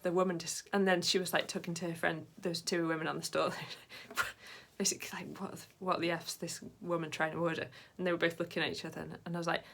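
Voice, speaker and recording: A woman's voice: fairly low pitch, level tone, fast talker, creaky, hardly any pauses, fairly bright tone. A woman vlogging in a casual, rambling way, full of fillers and side tangents. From Britain. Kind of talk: casual chat to camera.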